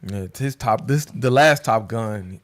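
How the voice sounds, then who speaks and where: A man co-hosting a casual podcast, relaxed and quick to laugh. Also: medium pitch. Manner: relaxed, animated, laughs easily. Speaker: podcast co-host. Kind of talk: casual chat.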